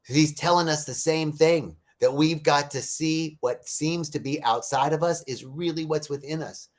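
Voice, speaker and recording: A man hosting a casual live-streamed spiritual talk, animated and laughing, telling jokes. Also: on the high side, moderate pace.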